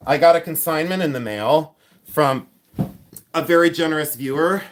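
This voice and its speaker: A man hosting a casual live stream, chatting excitedly, thanking viewers and thinking aloud with frequent restarts. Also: on the high side, moderate pace, slight background noise. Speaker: livestream host and reseller.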